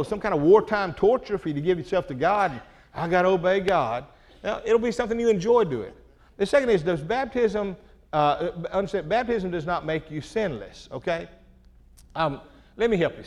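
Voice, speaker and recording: A middle-aged man preaches in a plain, conversational style, earnest and direct with his listeners. His voice sits slightly high for a man. He often pauses to check in with a quick "okay?". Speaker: pastor. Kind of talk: sermon.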